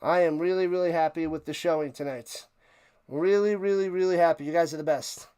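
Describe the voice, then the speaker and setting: A man hosting a sports live stream, chatting excitedly and a bit out of breath as he signs off to his viewers. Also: a little high, fairly quick, clean tone. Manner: excited, rambling, talks to chat viewers. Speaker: sports livestream host. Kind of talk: casual live-stream sign-off chat.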